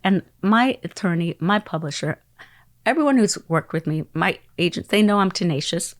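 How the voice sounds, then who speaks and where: A middle-aged woman spinning a lively anecdote as a podcast guest. Her voice sits a little low for a woman and comes across dry and close. She acts out other people's lines and sometimes drops into a whisper. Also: moderate pace, no echo. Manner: acts out quoted voices and phone calls, dropping into whispers. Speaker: interview guest. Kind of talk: animated storytelling.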